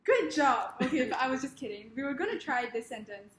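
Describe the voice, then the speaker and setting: High-pitched, animated and fairly quick, this young woman with a Singaporean accent gives a humorous talk in an echoey room. She goes for playful mock grandeur and laughs between lines.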